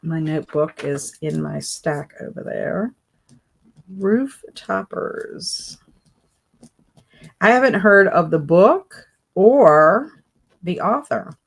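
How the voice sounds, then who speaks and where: A woman's voice: low-pitched, lively intonation, slow, vocal fry, breathy edge. A middle-aged woman hosting a casual livestream, chatting and reading viewer comments aloud. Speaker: livestream host and teacher.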